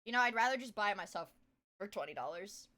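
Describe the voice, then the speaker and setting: A young woman streamer chatting casually with her viewers, rambling and swearing, breaking into loud laughter. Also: medium pitch, lively intonation, quick pace. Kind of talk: casual livestream chat.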